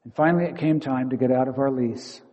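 A man preaches to fellow pastors, telling stories and acting out inner dialogue, one moment hushed and the next loud. His voice is dark and mellow, mid-pitched, and it carries with a long echo through a large sanctuary. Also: fast, highs cut off. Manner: storytelling, acting out inner dialogue with shifting loudness. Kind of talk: sermon. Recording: long hall reverb.

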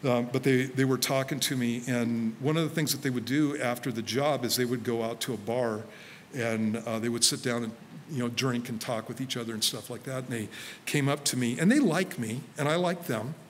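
A man, a pastor, preaching a sermon to a congregation in a relaxed, conversational way, telling stories from his own life and quoting himself. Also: mid-range voice, brisk, big-room sound, a little hiss or hum. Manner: conversational, storytelling with self-quoted asides. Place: church sanctuary before a congregation.

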